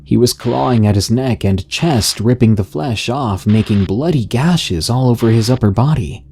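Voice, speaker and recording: A man narrating a scary story in a slow, even, scripted storytelling delivery. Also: mid-range voice, husky.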